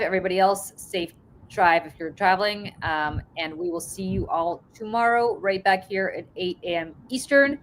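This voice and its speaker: A woman hosting a morning show over a video call, telling a story in lively casual chat and swearing freely. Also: on the low side, a little hiss or hum. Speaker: host.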